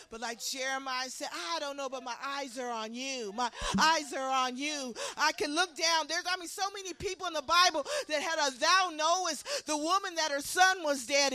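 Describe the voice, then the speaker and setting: A woman preaching a sermon with passion, swinging from loud, shouted lines to hushed ones. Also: sits high.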